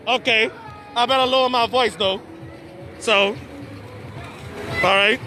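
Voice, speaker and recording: A man live-streams a family party outdoors on a handheld phone camera, chatting casually to the camera and often stammering and repeating words. His voice is extremely high and sharp, with fairly even intonation, slow delivery and long pauses. The noisy outdoor stream picks up a crowd and soft background music.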